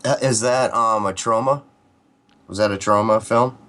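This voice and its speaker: A man's voice: lowish voice, moderate pace, fairly bright tone. A man hosting a casual interview podcast, chiming in as an eager fan of the guest's films. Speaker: podcast host.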